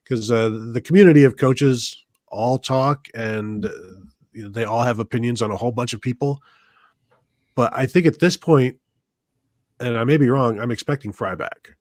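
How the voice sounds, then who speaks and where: A man's voice: medium pitch, normal speed, darkish tone, no echo. A man hosting a live sports podcast, talking casually with lots of fillers and restarts. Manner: rambling, many fillers and restarts. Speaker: podcast host.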